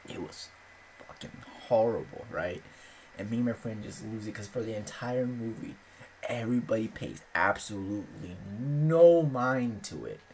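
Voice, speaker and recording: A man's voice: lowish voice, moderate pace, gravelly, warm tone, slight background noise. A young man talking in a loose, rambling way as host of his own channel, full of filler words and casual swearing. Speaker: aspiring author and channel host. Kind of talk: casual chat.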